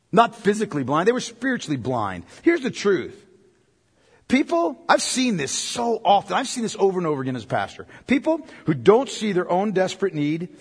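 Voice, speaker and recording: Pastor guy preaching, high husky voice, big hall reverb, gets loud then goes quiet. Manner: impassioned preaching, swinging from loud to hushed. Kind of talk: sermon. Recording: long reverb of a large hall.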